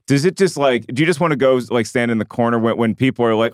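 A man's voice: medium pitch, fast, no room sound. A man co-hosting a podcast, playful and joking as he banters with his guests. His voice is dry and close to the mic in the studio. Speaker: podcast co-host. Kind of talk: casual podcast chat.

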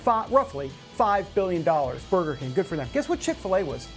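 Animated, exasperated male talk host. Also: high voice, fairly quick, faint music behind. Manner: animated, exasperated, with many fillers and restarts. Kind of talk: opinionated news commentary.

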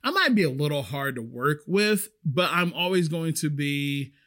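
Male podcast host, animated storyteller, pitch a touch on the high side. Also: moderate pace. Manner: animated, acts out the voices of people in his stories. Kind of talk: casual storytelling.

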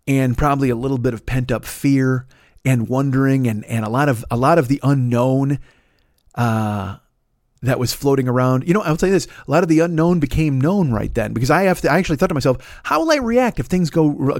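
A man's voice: mid-range voice, fairly quick, no echo, studio quality. A man hosting a podcast, telling a story as a profane rant and swearing constantly. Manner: animated, swears constantly, builds to shouting. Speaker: podcast host.

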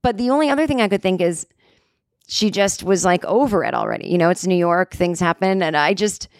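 A woman's voice: on the low side, a little fast, no room sound, clean studio sound. A woman comedian hosting a podcast, telling a story in a casual, digressive way, full of "like" and "you know", from a hotel room.

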